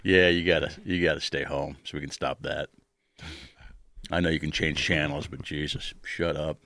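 A man's voice: rumbling low, flat delivery, normal speed, a bit bright, no room sound, studio quality. A man hosting a casual chat show, joking loosely and laughing a lot as he talks. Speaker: host.

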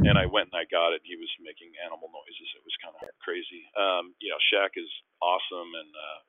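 A man with a very low voice tells quick, self-deprecating stories from his playing days. He jumps up in pitch to act out what people said to him. The sound is narrow and phone-like, in a dry space. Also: fairly even intonation, no echo. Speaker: former NBA player, guest. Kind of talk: storytelling in a podcast interview.

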